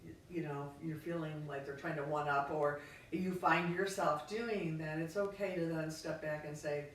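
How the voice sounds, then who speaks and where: Echoey, reflective woman, low-ish voice. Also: steady tone, normal speed. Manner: reflective, thinking aloud with many fillers. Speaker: podcast co-host. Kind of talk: casual conversation. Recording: echoey room from far off, faint noise.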